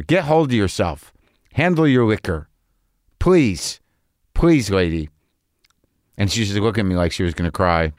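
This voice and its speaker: A man's voice: fairly low pitch, dry recording, clean studio sound. A middle-aged man hosting a podcast, talking in a rambling, self-deprecating way with frequent restarts and swearing. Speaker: podcast host. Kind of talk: casual monologue.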